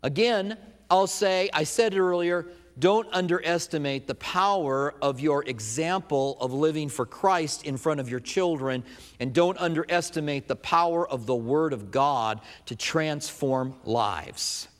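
Man, pastor, sermon, emphatic repeated phrases, higher voice, echoing sanctuary. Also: unhurried. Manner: emphatic, repetitive preaching cadence.

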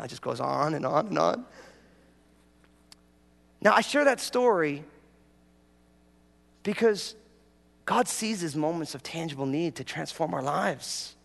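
A pastor from New York preaching a humorous sermon, telling stories with lively acted-out prayers. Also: male voice, fairly high pitch, gravelly. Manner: animated storytelling, acts out prayers in a raised voice. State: a bit dehydrated after travel. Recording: hall reverb.

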